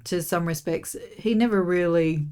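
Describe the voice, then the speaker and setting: A middle-aged Australian woman, a mother talking casually on her son's podcast, rambling warmly with lots of "you know"s. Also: on the low side, moderate pace, clean tone. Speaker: podcast guest, host's mother. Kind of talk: casual chat.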